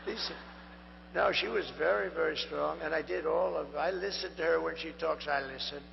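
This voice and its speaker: An older man with a strained, hoarse voice gives a rambling, repetitive rally speech into a podium microphone at a large venue. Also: a little high, fairly even intonation, moderate pace. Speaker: political candidate. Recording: echoey lo-fi venue sound with mains hum.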